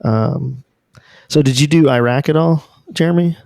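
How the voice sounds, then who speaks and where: A man hosting a podcast, chatting in a relaxed, loose way and explaining things to his listeners. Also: fairly high pitch, moderate pace, gravelly, dry recording, studio quality. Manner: relaxed, loose and conversational, with fillers. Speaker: podcast host. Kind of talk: casual chat.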